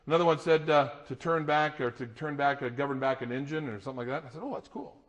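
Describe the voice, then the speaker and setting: A middle-aged man giving a lively talk to an audience, storytelling with laughter. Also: medium pitch, quick pace, muffled recording. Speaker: motivational speaker.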